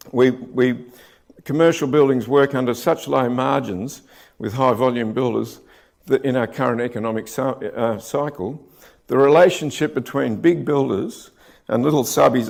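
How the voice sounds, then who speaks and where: A man with an Australian accent giving a joking, anecdotal conference talk as a building contractor, clearing his throat often and restarting his sentences. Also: mid-range voice, a little mellow. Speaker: conference speaker, rammed earth contractor.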